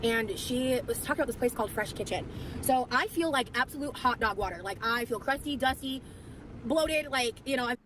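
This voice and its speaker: Fast-talking tired woman vlogger. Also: on the high side. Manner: chatty, rambling, lots of fillers. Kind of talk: casual vlog chat. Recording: vlog audio with clear background noise.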